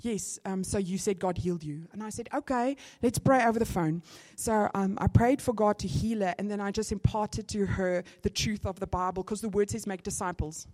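A woman with a South African accent tells a testimony in a sermon, bursting into lively acted-out dialogue. Her voice sits at a middling pitch and swings with feeling as she preaches. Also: moderate pace, few pauses. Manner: animated storytelling, acting out conversations. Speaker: church speaker.

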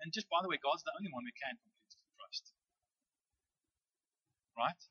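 Bright husky male preacher. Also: medium pitch, dry recording. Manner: conversational, storytelling, asks "right?". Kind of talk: sermon. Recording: dull, dry lo-fi recording.

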